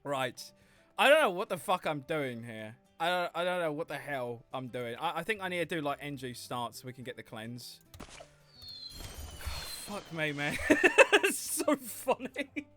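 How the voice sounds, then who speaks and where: Streamer, chatty and giggly, bright voice swinging all over, faint music behind. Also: medium pitch, moderate pace. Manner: chatty, animated, laughs often. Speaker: gaming livestreamer. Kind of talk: casual livestream commentary.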